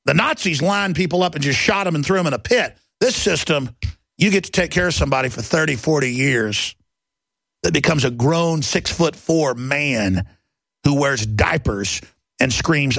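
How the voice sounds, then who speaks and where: A man hosting a talk show, delivering a heated, mocking rant and mimicking others in shrill voices. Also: expressive, normal speed, vocal fry, a bit bright, no room sound.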